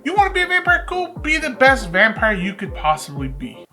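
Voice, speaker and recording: Bright-voiced young man riffing jokingly. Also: very high voice, huge pitch swings, brisk, soft background music. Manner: joking, rambling, talks straight to viewers. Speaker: reaction video host. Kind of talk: casual commentary reacting to a reality show clip.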